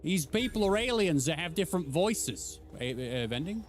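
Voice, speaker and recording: A man's voice: fairly high pitch, sing-song, normal speed, faint music behind. A man in his thirties doing live gameplay commentary, bantering playfully and teasing his chat. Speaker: streamer.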